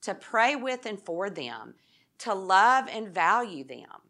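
A woman's voice: medium pitch, sing-song, takes it slowly, creaky, bright, forceful tone. A woman giving an expository sermon, reading scripture aloud in an earnest tone and putting rhetorical questions to her listeners. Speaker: Bible teacher.

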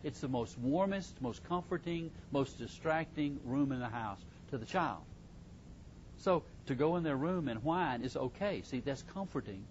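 A man's voice: mid-range voice, lively intonation, moderate pace, darkish tone, lo-fi sound, a little hiss or hum. A middle-aged man, giving parenting advice to a group in a folksy, casual way and repeating himself as he goes. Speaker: parenting speaker. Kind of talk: casual talk to a live group.

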